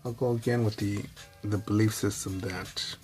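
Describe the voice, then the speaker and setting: Man, low-pitched, rambling candid monologue, faint music behind. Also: fairly even intonation, normal speed, darkish tone. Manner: rambling, candid, swears, mimics others in high voice. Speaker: vlogger. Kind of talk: personal reflective monologue.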